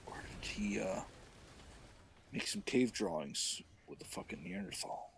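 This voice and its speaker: A man's voice: fairly low pitch, lively intonation, unhurried, whispered, rough recording. A young man chatting on a stream, rambling in a crude, mock-serious way. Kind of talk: casual stream chat.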